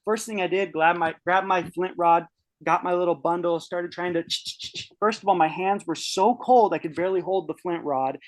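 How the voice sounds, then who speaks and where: A young man telling a story from his own life in a casual, profane, animated way. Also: high-pitched, moderate pace, no room sound. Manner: profane, animated storyteller who shouts out his quoted outbursts. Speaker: podcast guest.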